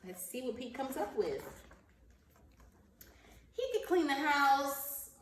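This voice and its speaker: A woman teacher reads a children's story aloud and teaches new words, slow and clearly enunciated, repeating each word. She sounds set back from the microphone in an echoey room with a faint hum behind her. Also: high voice, animated. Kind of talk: vocabulary lesson and read-aloud story. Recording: roomy, echoey sound from a distance off the mic.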